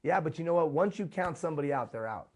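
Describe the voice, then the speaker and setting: A man's voice: on the high side, lively intonation, fast, darkish tone. A man presenting a live workshop, talking emphatically and putting rhetorical questions to his audience. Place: live event room.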